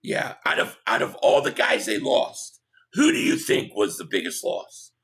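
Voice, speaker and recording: A hoarse man with a gravelly, creaky voice hosts a casual live stream, reading viewer comments and agreeing or pushing back bluntly. His voice sits fairly low but swings widely in pitch. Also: wildly swooping pitch, fairly bright tone. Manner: opinionated, quick agreement with viewers.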